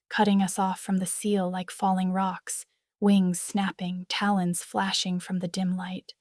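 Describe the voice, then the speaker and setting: A woman reading a first-person fantasy novel aloud in a dramatic, expressive way. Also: mid-range voice, no room sound, clean studio sound. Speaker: audiobook narrator.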